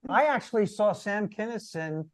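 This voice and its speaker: An older man co-hosting a casual comedy podcast, calmly recounting stories in a steady conversational tone. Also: high voice, normal speed, no room sound.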